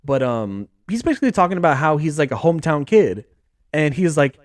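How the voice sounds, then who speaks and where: Slangy, excitable man hosting a football podcast. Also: on the high side, a little fast, no echo, clean studio sound. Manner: excitable, slangy, rambling with restarts. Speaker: podcast host. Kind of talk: casual sports talk.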